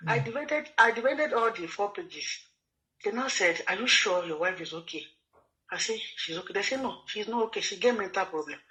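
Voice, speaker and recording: A man's voice: high-pitched, animated, fairly quick, bright, forceful tone, low-quality recording. A man from Nigeria with a Nigerian accent, telling his personal story in a repetitive, pleading way full of quoted speech. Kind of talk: emotional personal testimony.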